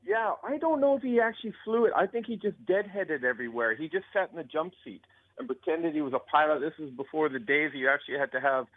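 A man's voice: a little high, expressive, quick pace. A man, an airline pilot from North America, chatting casually as a radio guest. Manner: easygoing, laughs along, tries silly accents. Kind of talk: casual radio chat by phone. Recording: phone line.

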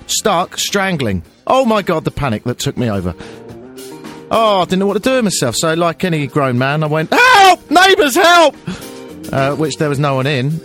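A man hosting a radio show, telling a story in a chatty, animated, self-mocking way with bursts of silly high voices. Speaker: radio presenter.

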